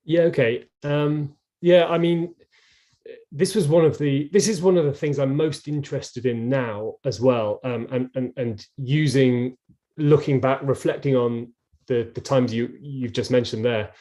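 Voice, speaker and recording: A man's voice: medium pitch, mellow. A middle-aged man, a former rower, speaking earnestly in a live interview and often restarting his sentences. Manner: earnest, halting with many restarts.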